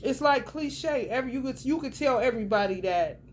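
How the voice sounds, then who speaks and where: A woman with a slightly high voice gives a casual tarot reading, talking straight to whoever is watching. She is blunt and cusses freely, leaning hard on her words for emphasis. Faint background noise sits under her voice. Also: animated, a little fast. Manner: blunt, profane and emphatic, talks straight to the viewer. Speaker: tarot reader.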